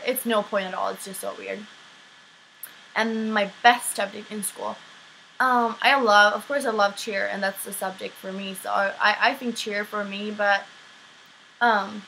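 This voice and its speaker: In this rough recording with a little hiss or hum, a teenage exchange student vlogger from Sweden answers viewer questions in a casual, chatty way. She has a light Swedish accent and fills her speech with frequent "um"s and "like"s. Her voice sits in the mid range and sounds gravelly, bright and forceful.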